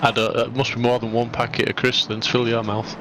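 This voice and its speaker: A man co-commentating a sim race and calmly explaining racing tactics. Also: medium pitch, brisk, noisy background.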